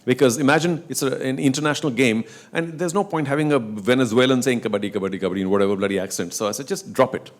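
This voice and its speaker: Man, middle-aged, lively storyteller, acts out quotes, relaxed conversation. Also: mid-range voice, fast, few pauses. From India. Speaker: guest speaker on sports leagues. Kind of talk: casual conversational talk.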